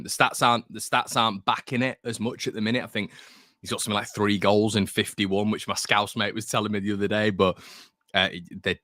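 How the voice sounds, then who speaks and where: A man's voice: fairly low pitch, bright, forceful tone, no echo. A young man hosting a football fan live stream, chatting casually and reading out viewer comments with strong opinions. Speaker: fan channel host.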